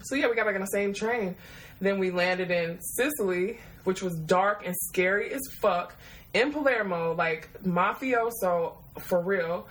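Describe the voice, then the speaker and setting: A woman's voice: medium pitch, measured pace, poor audio. Profane, laughing woman telling a story. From Detroit, USA. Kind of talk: casual storytelling.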